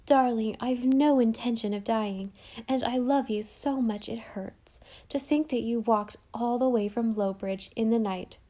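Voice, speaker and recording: A gentle, loving young mother voiced by a woman narrator speaks tenderly in a storybook. The tone is mellow and warm. She talks with a soft affection. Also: fairly high pitch, fairly even intonation, normal speed, few pauses, natural voice.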